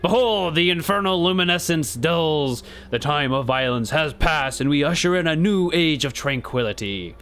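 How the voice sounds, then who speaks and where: A man's voice: fairly high pitch, lively intonation, moderate pace, few pauses, a bit bright, a little hiss or hum, voice pushed up. A man voicing a solemn male cult leader, preaching about death in a grave, archaic way, with faint game music behind. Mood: exalted. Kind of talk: reading game dialogue aloud.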